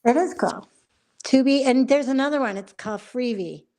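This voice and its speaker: A woman's voice: sits high, moderate pace, dark tone. A woman chatting casually on a live stream, bluntly retelling a movie scene. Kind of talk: casual chat.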